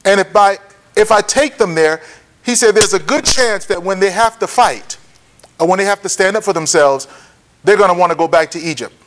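A man teaching a Bible lesson, often checking that listeners follow and repeating key points slowly for notes. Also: high voice, fairly bright tone, a little hiss or hum. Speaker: preacher.

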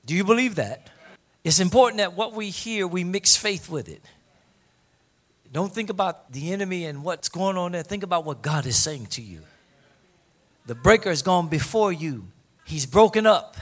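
A man preaching a sermon in a fairly high voice. He is emphatic and insistent, circles back to the same lines again and again, and stretches words out when he wants them to land. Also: expressive, fairly bright tone. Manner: emphatic preaching, repeats key phrases, slows for emphasis. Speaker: pastor. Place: church service before a congregation.

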